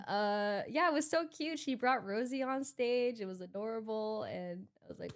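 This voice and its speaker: A young woman streamer casually recounting a story, acting out her own and others' lines in lively quoted voices. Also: high voice, moderate pace. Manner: animated, quoting herself in lively voices.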